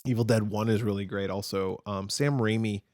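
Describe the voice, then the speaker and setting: In a dry, studio-quality recording, a podcast co-host with a fairly low, slightly mellow voice talks a little fast in a steady tone. He chats casually and tells meandering, jokey stories.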